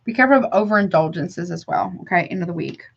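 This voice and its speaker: A woman's voice: fairly low pitch, expressive, fast talker, vocal fry, lo-fi sound, slight background noise. Chatty woman tarot reader calling viewers honey. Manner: affectionate, calls viewers honey, chatty asides. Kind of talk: live tarot reading to chat.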